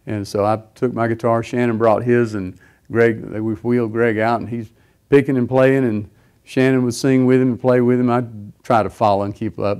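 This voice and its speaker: Low, mellow man telling a story. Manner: rambling storytelling, frequent fillers and restarts. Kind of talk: sermon testimony.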